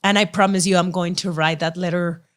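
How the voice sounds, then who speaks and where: A woman's voice: on the low side, steady tone, fairly quick. A woman podcast host whose first language is Spanish, speaking in an earnest, heartfelt, openly emotional way. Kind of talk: podcast interview conversation.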